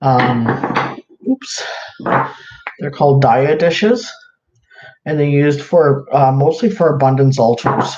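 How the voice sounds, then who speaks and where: A man's voice: medium pitch, takes it slowly, pauses often, a little mellow. A man chatting casually on a livestream, rambling with lots of fillers as he shows his crafts to viewers. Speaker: live-streaming craft seller. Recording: roomy, dull lo-fi, faint hiss.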